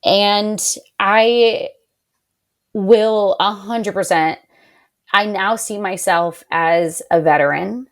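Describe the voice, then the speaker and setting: Animated young woman telling her story. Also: mid-range voice, slow. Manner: animated, heavy use of "like", quotes others in raised voice. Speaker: podcast guest, patient advocate. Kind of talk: emotional personal storytelling.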